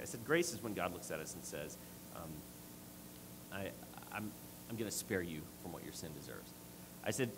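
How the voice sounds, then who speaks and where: A man's voice: fairly low pitch, background noise. A middle-aged man preaching a sermon and telling a family story, with many restarts. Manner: rambling, restarts often, storytelling.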